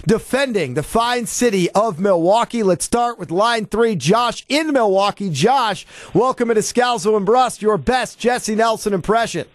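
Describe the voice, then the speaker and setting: A man hosting a sports radio show, brisk and upbeat as he runs a call-in contest. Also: high-pitched, no room sound. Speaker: radio sports talk host.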